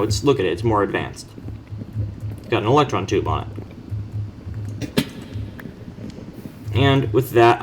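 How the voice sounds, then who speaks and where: Low-voiced young man touring his game base. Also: slight background noise. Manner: rambling, self-correcting, dry offhand humor. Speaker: player giving a base tour. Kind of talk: casual game walkthrough commentary.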